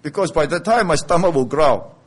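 Husky-voiced man preaching a sermon. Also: on the high side, lively intonation, brisk. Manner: conversational preaching, rising to emphatic declarations. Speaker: pastor.

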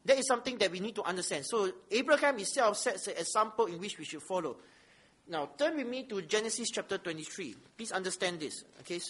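A man's voice: high-pitched, lively intonation, fast, a bit bright, husky. A man preaching a sermon, reading scripture aloud and asking the listeners rhetorical questions with emphasis.

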